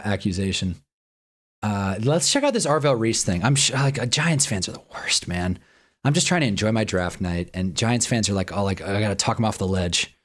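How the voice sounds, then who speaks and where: A man hosting a livestream in casual chat, thinking aloud, muttering and swearing now and then. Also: lowish voice. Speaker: livestream host. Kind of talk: casual live-stream chat.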